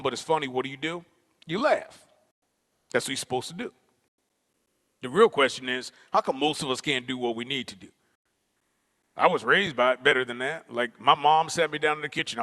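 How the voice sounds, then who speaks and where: A man from Newark, New Jersey, performing an animated, slangy comic storytelling monologue to an audience in a large auditorium. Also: medium pitch, fairly quick. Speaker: spoken-word performer. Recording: auditorium with long reverb.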